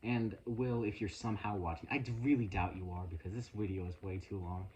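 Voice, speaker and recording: Young male vlogger, deep low voice, earnest halting storyteller, recorded on a phone. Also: steady tone, darkish tone, muffled recording, a little hiss or hum. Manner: earnest, halting, emotional retelling. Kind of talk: casual rambling story.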